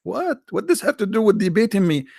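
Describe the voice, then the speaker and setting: A man's voice: sits high, sing-song, brisk, vocal fry, darkish tone, dry recording. A man with an Arabic accent hosting his channel, giving sarcastic, mocking commentary with rambling asides. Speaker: channel host. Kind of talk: mocking religious commentary stream.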